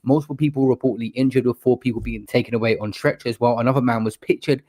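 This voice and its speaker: Guy rattling off news updates fast, dry sounding. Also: mid-range voice, steady tone, darkish tone, no room sound. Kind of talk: news-style narration.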